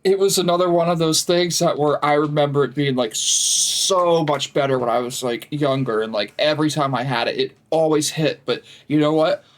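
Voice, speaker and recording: A man from Ohio co-hosting a casual podcast, talking in relaxed slang with halting restarts. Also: fairly high pitch. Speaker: podcast co-host. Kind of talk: casual chat.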